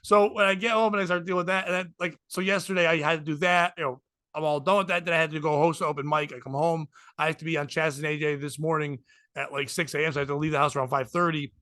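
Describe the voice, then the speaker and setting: A man's voice: a little high, fast talker, no room sound. A man chatting casually on a podcast, telling a story with lots of acted-out back-and-forth and self-mocking jokes. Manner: animated, self-mocking storyteller who acts out dialogue. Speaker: podcast co-host.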